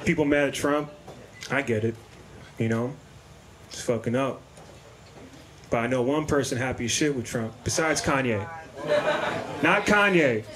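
A man in his thirties doing a brash, profane stand-up set on a comedy club stage, slipping into quick character voices. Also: medium pitch, a crowd in the background. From Maryland, US. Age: 30s. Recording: live club recording with audience noise. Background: audience laughter.

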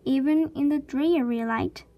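Woman reading a children's book slowly. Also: sits high, no room sound, highs cut off. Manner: slow, clear storytelling. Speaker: reader.

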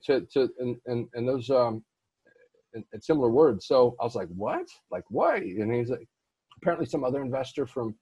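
A man's voice: medium pitch, a little mellow, slightly rough, dry recording. A man, a guest on an interview, telling a long story casually with many restarts and fillers. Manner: rambling with frequent restarts and fillers. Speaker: guest real estate investor.

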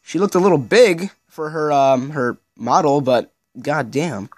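Excitable man commenting on a game. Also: on the high side, unhurried, no room sound, faint music behind. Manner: excitable, swears, says yo and dude a lot. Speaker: gaming video host. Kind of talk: casual let's-play commentary.

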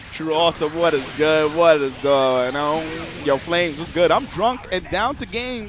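A young man commentating a fighting game live, excitable and joking with chat, swearing freely. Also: on the high side, a little slow, hardly any pauses, over music.

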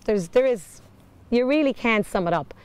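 A woman's voice: a little high, expressive, normal speed, darkish tone, clean tone. A woman talking in an interview about her team, earnest and heartfelt. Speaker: team member.

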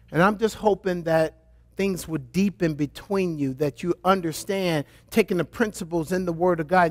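A male pastor preaching a sermon, reading scripture and turning to playful, animated asides to the congregation. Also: high voice.

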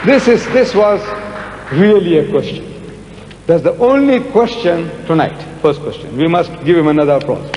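A man's voice: on the high side, animated, moderate pace, darkish tone, dull audio. A man giving a public lecture and answering audience questions, speaking emphatically and repeating words for effect. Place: large lecture hall with audience. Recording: echoey hall with long reverb, faint noise.

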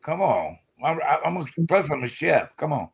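A man's voice: fairly high pitch, very animated, moderate pace, husky, dry recording. A man who grew up in the US Gulf South and works as a chef, chatting in a folksy, slangy, rambling way as a caller on a live show. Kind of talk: casual chat.

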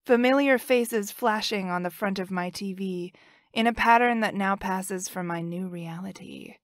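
A woman's voice: mid-range voice, moderate pace, no room sound, clean studio sound. A woman co-hosting a casual podcast with her siblings, playful, reciting a rhyming poem with theatrical flair. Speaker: podcast co-host.

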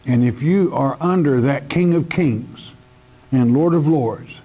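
Slow, mellow-voiced preacher teaching scripture. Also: male voice, medium pitch. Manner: slow, emphatic, addresses listener as friend. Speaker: pastor. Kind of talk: verse-by-verse Bible teaching sermon.

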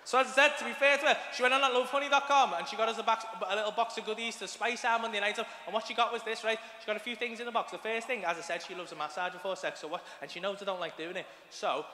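A man's voice: sits high, fast talker, few pauses, sharp tone, a little hiss or hum. A man with a Liverpool accent doing a crude, swearing stand-up routine on a comedy club stage. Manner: crude, swearing, acts out scenes in voices. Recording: live club recording with hall reverb and audience.

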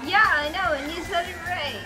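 A woman's voice: very high voice, moderate pace, music in the background. A woman chatting with a friend over a voice call in a playful, teasing way. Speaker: voice chat friend. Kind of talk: casual chat over voice call.

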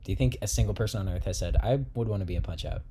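Man, gaming stream co-host, laughs a lot, low mellow voice, animated pitch. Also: very fast, slight background noise. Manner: laughing often, self-deprecating banter. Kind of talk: casual gaming stream chat.

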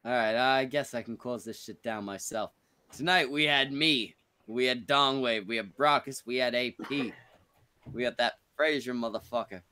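A man's voice: mid-range voice, normal speed, pushed and bright, smooth. A man hosting a podcast stream in casual chat, rambling and joking crudely, full of uh and restarts. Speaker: podcast host.

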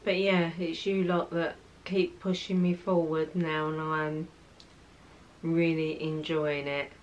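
A woman in her sixties chatting casually on her lifestyle vlog, soft-spoken and heartfelt. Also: low voice, little pitch movement, slow pace, slight background noise, rough recording. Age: 60s. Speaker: lifestyle vlogger.

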